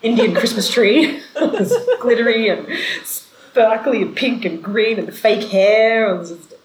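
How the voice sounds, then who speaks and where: A woman telling a story in casual chat, animated, laughing often and acting out the voices of the people she quotes. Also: fairly high pitch, a little slow, a little hiss or hum. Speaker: storyteller in a conversation. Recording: roomy echoey recording.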